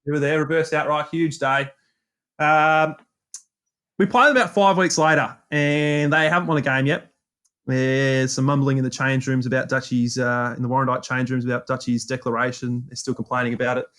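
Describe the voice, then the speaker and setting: An Australian man casually telling a cricket story on a podcast, animated, acting out his own banter. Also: medium pitch, moderate pace.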